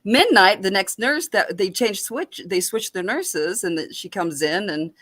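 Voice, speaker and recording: A woman on an open mic show, telling a personal story in a lively, animated way and often laughing. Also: mid-range voice, unhurried, dry recording.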